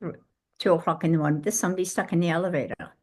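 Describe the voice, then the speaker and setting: A British woman in her eighties, from England, telling lively stories as a guest in an interview and acting out the dialogue in them. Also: lowish voice, racing. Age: 80s. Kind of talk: casual interview storytelling.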